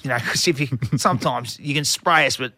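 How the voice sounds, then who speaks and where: An Australian man tells footy stories with a bright, forceful voice, recorded dry and close to the mic. He is a former player in his forties and slips into loud impressions of coaches. He laughs his way through his yarns. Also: medium pitch, a little fast, no echo. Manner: animated anecdotes, acts out shouting coaches, laughs often. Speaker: former rugby league player, podcast guest. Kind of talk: casual storytelling chat.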